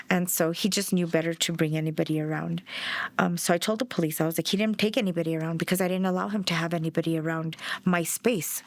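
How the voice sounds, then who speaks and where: A woman's voice: lowish voice, steady tone, fast talker, no room sound. Middle-aged mother, documentary interviewee; direct, blunt, speaks her mind. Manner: blunt and outspoken. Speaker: bereaved mother.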